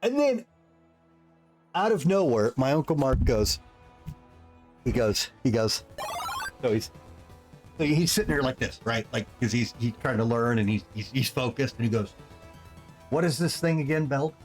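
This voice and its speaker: A man's voice: medium pitch, normal speed, pauses often, faint music behind. A man streaming, telling a long rambling story in casual chat. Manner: animated, rambling, lots of restarts.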